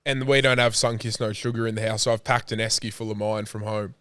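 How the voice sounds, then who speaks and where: A man's voice: on the low side, fairly even intonation, quick pace, fairly bright tone, clear, resonant tone, no echo, clean studio sound. A young man co-hosting a podcast, laid-back and teasing, heavy with slang. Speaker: podcast co-host. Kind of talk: casual banter.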